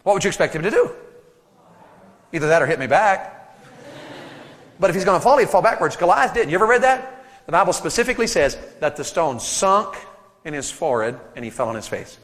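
A man from Tennessee preaching a sermon to teenagers, telling stories animatedly with sudden loud shouts. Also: on the high side, very animated, fairly quick, pauses often. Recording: long reverb of a big hall.

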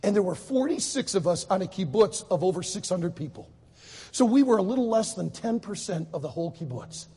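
A man preaching a sermon to high school students, telling a story with lively acted voices. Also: fairly quick, slightly rough, big-room sound. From United States. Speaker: Baptist preacher.

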